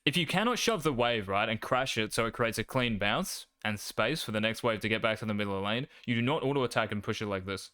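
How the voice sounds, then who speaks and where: A young man talks through gameplay as a coach, brash and sure of himself, swearing freely. His voice is bright and forceful, crisp and smooth, and it sits close and dry with no room around it. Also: fairly low pitch, animated, fast, few pauses, no echo. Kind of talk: casual gameplay coaching commentary.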